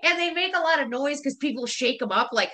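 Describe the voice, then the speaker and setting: A woman's voice: sits high, a little fast, pushed and bright, slight background noise. A woman co-hosting a casual podcast, running through pet peeves in an exasperated, laughing, profane way. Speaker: podcast co-host.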